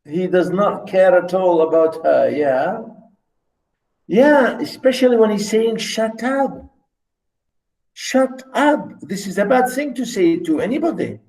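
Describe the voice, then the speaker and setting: A man's voice: high-pitched, lively intonation, unhurried, vocal fry, darkish tone, low-quality recording. A man lecturing a class, reading a story aloud and asking students rhetorical questions. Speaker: literature lecturer.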